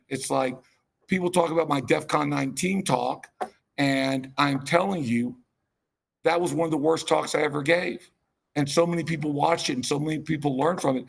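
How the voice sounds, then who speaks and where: Speaking at a moderate pace, a keynote speaker with a slightly high, gravelly, husky voice gives a passionate conference talk. He rambles and drops in self-deprecating remarks.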